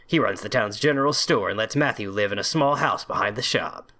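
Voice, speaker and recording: A man's voice: fairly low pitch, expressive, a little fast, sharp tone. A young man casually commenting on a video game, reading its text aloud, joking sarcastically and swearing often. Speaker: video game let's play host.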